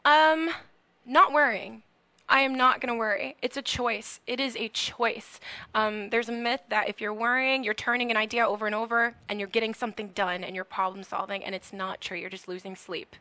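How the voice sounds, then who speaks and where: Bright-voiced young woman chatting. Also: a little high, steady tone, brisk, dry recording. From Florida. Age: young adult. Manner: chatty, emotional, jokey with many fillers. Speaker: podcast guest, film student. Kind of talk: casual chat.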